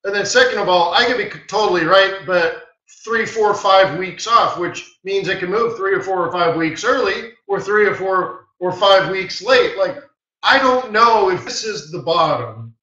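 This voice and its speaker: Man, higher-pitched and forceful, blunt webinar teacher; roomy, distant, dull mic. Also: expressive, normal speed. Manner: emphatic, blunt, repeats short commands. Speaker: forex market strategist hosting a live webinar. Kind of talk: live trading webinar, unscripted teaching.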